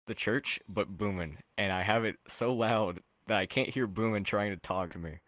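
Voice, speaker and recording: A man with a deep, low voice tells a story in an easygoing, chuckling way, the way a podcast guest chats. The sound is close and dry, with no room around it. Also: normal speed, a bit bright, no room sound, rough recording. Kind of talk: casual storytelling.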